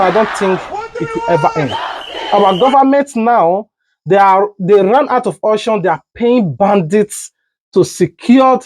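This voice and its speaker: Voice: medium pitch, a little mellow, dry recording, rough recording. A news blog host giving exasperated, emphatic commentary on current events.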